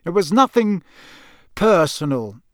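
A man's voice: sits high, big pitch swings, slow, no room sound, pitched above the performer's own voice, heavily acted. A stuffy young official who lectures everyone, as a male audiobook reader puts him on. The voice sits raised and officious, recorded close and dry. He speaks with pompous self-importance.

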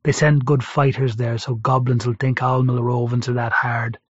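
A man's voice: medium pitch, flat delivery, moderate pace, no room sound. A man narrating a first-person story as an audiobook narrator, in a dry conversational storytelling manner. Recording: dull lo-fi recording.

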